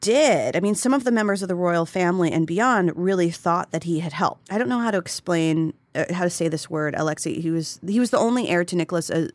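A woman's voice: fairly low pitch, animated, fast, few pauses, dry recording. A woman chatting casually, candid and profane, rambling with frequent restarts. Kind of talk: casual conversational chat.

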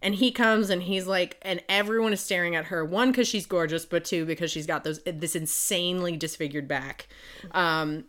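A woman's voice: lowish voice, fairly even intonation, normal speed, a bit bright. A woman co-hosting a podcast, casually and animatedly retelling a book's plot and acting out the characters' lines. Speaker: podcast co-host. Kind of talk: casual book review chat.

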